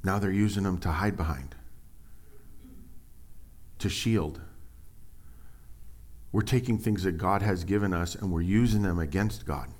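Man, middle-aged pastor, lively sermon, playful storytelling, jumps into character voices. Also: deep voice, a little slow, pauses often. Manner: animated storytelling, acts out voices, jokes and sarcasm.

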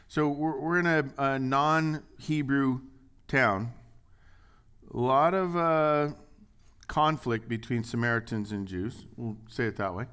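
Animated male preacher with lively delivery. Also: medium pitch, unhurried, smooth. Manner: animated, swings between loud acted quotes and quiet asides. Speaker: pastor. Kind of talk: sermon.

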